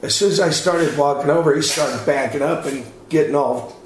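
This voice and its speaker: Man, witness, rambling casual account, somewhat high voice, very echoey, faint background noise. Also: moderate pace. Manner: rambling, repeats himself, plain-spoken. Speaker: witness giving a statement.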